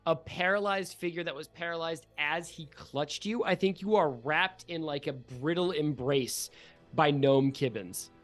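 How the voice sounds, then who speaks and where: A man running a tabletop game as game master, giving vivid, profane narration with quick rules asides over a home microphone. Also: fairly high pitch, soft background music. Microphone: home microphone for an online session.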